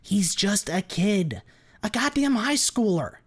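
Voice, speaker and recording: A man voicing a furious male creature who shouts in outrage, with a husky voice, while reading a story aloud. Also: mid-range voice, moderate pace, exaggerated voice.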